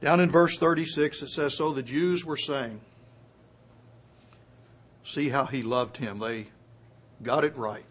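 This man preaches in a mid-range voice with fairly even intonation, shifting from soft, hushed stretches to loud, emphatic climaxes. He slows down to put weight on key words.

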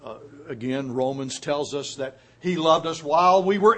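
Man preaching, hushed to booming. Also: a little slow, hardly any pauses. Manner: swings from hushed to loud emphatic preaching. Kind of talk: sermon.

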